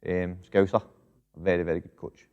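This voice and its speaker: Scottish man, 30s, low-pitched, casual swearing chat, long reverb. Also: level tone, normal speed, a little mellow, smooth, lo-fi sound. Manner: swears freely, fills with "mate" and "know what I mean". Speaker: professional boxer, guest. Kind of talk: casual interview reminiscing.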